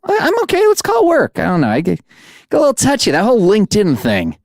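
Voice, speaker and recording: A man's voice: high voice, wildly swooping pitch, quick pace, no room sound, clean studio sound. A man hosting a podcast, wrapping up an interview and signing off with jokey, rambling asides. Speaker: podcast host. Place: studio.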